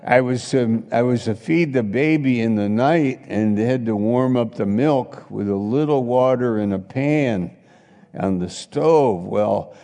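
A middle-aged man preaching a sermon, acting out little scenes and swinging between loud exclamations and quiet asides. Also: medium pitch, a little slow. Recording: long hall reverb.

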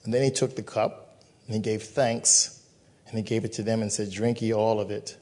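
A man's voice: fairly low pitch, fairly even intonation, normal speed, dark tone. A male pastor giving a communion sermon, repeating phrases with emphatic preaching cadence.

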